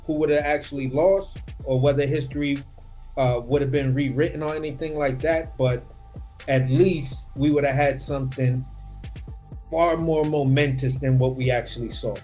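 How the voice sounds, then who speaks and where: A man on a livestream video call, animated and opinionated, repeating words as he builds his point about boxing. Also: mid-range voice, moderate pace, faint music behind. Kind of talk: casual boxing chat on a livestream.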